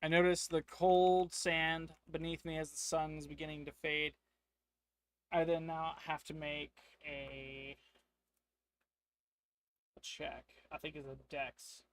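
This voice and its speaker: Gravelly man narrating a solo tabletop game. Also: fairly high pitch, little pitch movement, slow pace, pauses often, fairly bright tone. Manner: rambling, thinks aloud to chat. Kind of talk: casual solo role-play narration.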